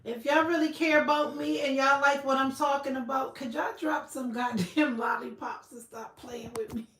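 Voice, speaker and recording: A woman's voice: high voice, steady tone, normal speed, a bit bright. A woman chatting casually on a livestream, blunt and profane. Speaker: livestream host. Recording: roomy echo, slightly far from mic.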